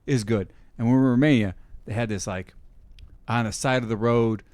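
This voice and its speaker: Animated, swearing man on a dry mic. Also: mid-range voice, a little fast, dry recording. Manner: animated, swears a lot, laughs often. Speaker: podcast co-host. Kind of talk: casual profane chat.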